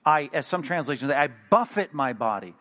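Male pastor, emphatic and animated sermon delivery, fairly high-pitched voice. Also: fairly quick. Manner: animated, emphatic preaching with sudden loud bursts.

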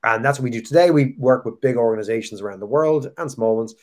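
A middle-aged Irish man talking as a podcast guest, chatty and joking with quick asides. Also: medium pitch, a little mellow. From Ireland. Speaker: guest, company founder. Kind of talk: casual podcast conversation.

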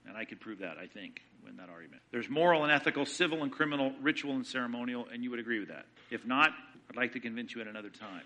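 A man preaching a fast, conversational Bible lesson, asking and answering his own rhetorical questions. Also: mid-range voice, expressive, pushed and bright. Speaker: pastor teaching theology. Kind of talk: sermon-style Bible lecture.

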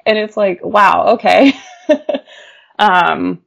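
Gravelly low woman, lo-fi interview audio. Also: unhurried, pauses often. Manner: animated, laughs often, many fillers. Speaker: journalist guest. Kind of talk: casual interview storytelling.

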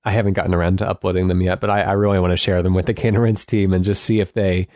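A low-voiced man talks in a loose, rambling way, using lots of fillers and laughing softly. The recording is close and dead dry, with no room sound at all. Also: flat delivery, very fast, no echo. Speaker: podcast co-host. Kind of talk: casual chat.

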